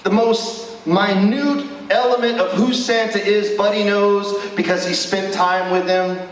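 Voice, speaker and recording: A man's voice: high-pitched, steady tone, a little slow. Man preaching in an echoey chapel. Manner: emphatic preaching with rhetorical questions. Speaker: chapel speaker. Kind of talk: sermon. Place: school chapel. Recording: echoey hall, distant mic.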